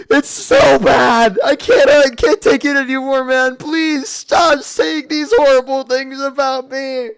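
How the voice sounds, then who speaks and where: Brief: overblown fake-crying man in high wails, as a host puts it on. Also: creaky, full character voice. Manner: exaggerated mock crying, high wailing shouts. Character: man fake-sobbing, wailing in mock hurt.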